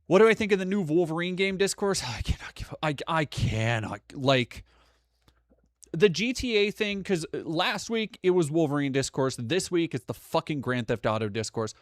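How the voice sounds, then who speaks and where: A man's voice: fairly high pitch, lively intonation, normal speed, no echo, studio quality. A young man hosting a live stream, chatting casually and reading donations, rambling with frequent restarts and swearing. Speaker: streamer host.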